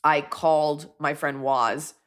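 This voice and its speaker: A woman comedian in her forties chats loosely about her work and keeps slipping into quick accent impressions as she talks. Her voice sits a little low for a woman. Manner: animated, jumps into quick bits of accents and impressions. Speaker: comedian host answering fan questions. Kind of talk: casual chat.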